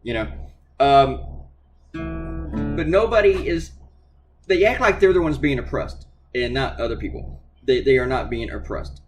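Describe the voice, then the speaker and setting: Male cartoonist, medium pitch, livestream rant: sarcastic and profane, over soft guitar music. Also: lively intonation, a little slow, pauses often. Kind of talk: casual commentary while reading viewer comments.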